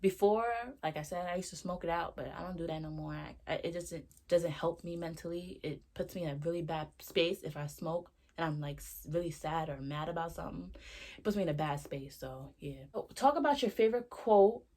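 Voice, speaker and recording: Candid young woman, slightly low voice. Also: brisk, warm tone. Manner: candid, reflective, slangy with lots of fillers. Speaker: vlogger. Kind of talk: casual video diary.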